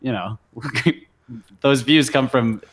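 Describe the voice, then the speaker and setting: A man's voice: mid-range voice, slow, slight background noise. Rambling, chuckling Canadian man. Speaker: podcast co-host. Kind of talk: casual podcast chat.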